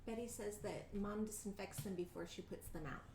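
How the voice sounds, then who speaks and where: A woman co-hosting a live stream, relaying viewer comments aloud in a quick, matter-of-fact way. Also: medium pitch, fairly even intonation, a little mellow. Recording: echoey room, faint noise.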